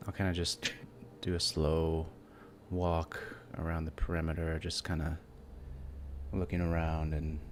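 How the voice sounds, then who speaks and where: A man playing a tabletop role-playing game, describing his character's actions and speaking in character in a hesitant, halting way. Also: a bass voice, completely flat delivery, slight background noise. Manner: hesitant, halting, with many fillers. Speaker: player.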